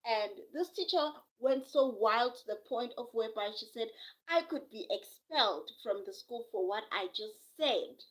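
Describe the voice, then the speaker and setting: Animated woman storytelling live. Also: on the high side, moderate pace, rough recording. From South Africa. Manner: animated, acts out quoted voices. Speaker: live streamer. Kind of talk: casual storytelling on a live stream. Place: home, quiet with a sleeping baby.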